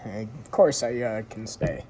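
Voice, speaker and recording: A man voicing a shy, feeble young curate who speaks haltingly. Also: on the low side, dark tone, a little hiss or hum, close to an everyday voice. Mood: timid. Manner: hesitant, halting.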